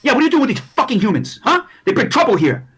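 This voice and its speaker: A man's voice: very high-pitched, very animated, very fast, fairly bright tone, husky, voice pushed up, heavily acted. A man voicing jumpy, foul-mouthed male halfling gang members in a tabletop game. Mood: aggressive. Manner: profane, twitchy, tough-talking.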